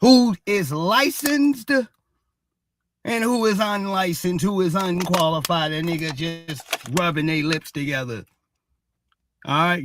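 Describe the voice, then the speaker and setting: Heated mocking man, bright tense voice. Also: fairly high pitch. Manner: heated and mocking, repeats "all right?" constantly, profane. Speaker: commentary show host. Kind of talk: ranting commentary on social media posts.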